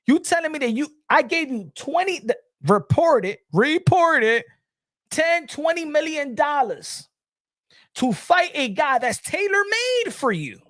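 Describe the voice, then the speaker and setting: A man's voice: very high-pitched, big pitch swings, measured pace, fairly bright tone, no echo, clean studio sound. A man giving a casual boxing opinion rant, blunt, profane and mocking. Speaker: boxing commentator.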